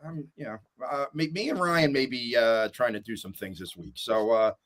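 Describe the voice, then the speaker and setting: A man's voice: mid-range voice, normal speed, fairly bright tone. A man co-hosting a casual sports podcast, reflective and questioning as he talks through the game. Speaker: podcast co-host.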